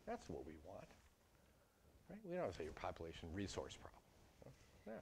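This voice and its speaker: Animated low-voiced man giving a talk. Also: fast talker, vocal fry, pauses often, a little hiss or hum. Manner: lively, emphatic, rhetorical questions. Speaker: guest speaker. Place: lecture hall at a business school.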